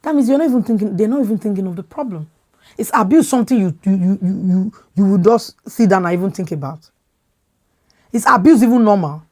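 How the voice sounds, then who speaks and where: A Nigerian woman in her thirties hosting a podcast, talking with strong conviction, loud and expressive, repeating words as she presses her points. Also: medium pitch, quick pace. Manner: emphatic, repeats words when worked up. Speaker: podcast host. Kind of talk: impassioned opinion talk.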